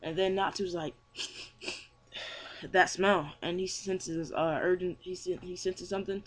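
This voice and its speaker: A man's voice: sits high, fairly even intonation, moderate pace, darkish tone. A young man casually reviewing a manga chapter, rambling with many fillers and restarts. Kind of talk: casual chat.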